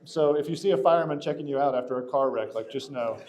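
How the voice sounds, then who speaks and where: Mellow-voiced man telling a story. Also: a little high, quick pace. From Atlanta area. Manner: animated, rambling with many restarts and fillers. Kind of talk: casual storytelling.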